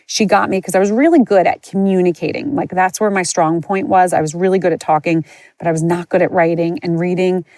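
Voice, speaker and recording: A woman hosting a podcast tells her own story in a candid, chatty way, with plenty of "like" and "you know." Her voice sits a little low. The recording is dry and close, with no room sound. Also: steady tone, fairly quick, darkish tone, no room sound. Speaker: podcast host. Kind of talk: personal storytelling.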